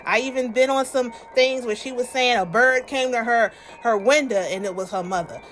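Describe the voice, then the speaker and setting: A woman's voice: fairly high pitch, moderate pace, a bit bright, slight background noise. A woman with a Southern accent hosting reaction commentary in a sassy, preachy way, talking straight to her viewers. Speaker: commentary host.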